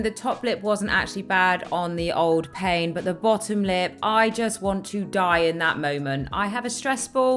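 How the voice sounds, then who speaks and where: A chatty young woman talks straight to her viewers in a casual vlog, upbeat and confiding. Her voice sits a little low for a woman. Faint music plays underneath. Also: measured pace, few pauses, a bit bright. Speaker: beauty vlogger. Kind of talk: casual vlog talk to camera.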